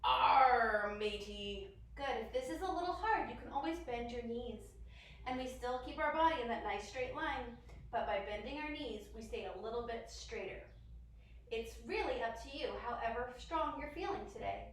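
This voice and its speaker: A woman's voice: a little high, normal speed, slight background noise. A young woman leading a children's yoga class, bubbly and encouraging, making animal sounds along the way. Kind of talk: guided kids' yoga class. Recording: very echoey room from far off.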